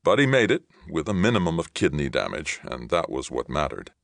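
A man reading fiction aloud as an audiobook narrator in a measured, even way. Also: a bass voice, creaky, dry recording, clean studio sound. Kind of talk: scripted narration.

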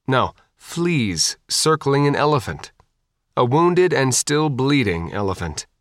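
Male narrator, close mic, dramatic pacing, animated pitch, dead-dry read. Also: no room sound. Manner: dramatic pacing, voices every character. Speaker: audiobook narrator. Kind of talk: scripted audiobook narration.

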